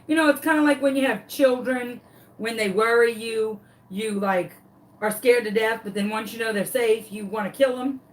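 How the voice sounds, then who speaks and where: A woman, hosting a craft tutorial and telling a story to her viewers in a dramatic, animated, casual way. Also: fairly high pitch, moderate pace.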